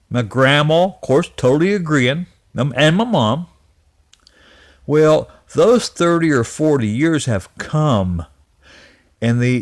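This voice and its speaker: A man in his fifties recalling a family memory in a personal vlog, speaking earnestly and haltingly, often repeating and restarting his words. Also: mid-range voice. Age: 50s. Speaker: channel host. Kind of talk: personal reminiscence to camera.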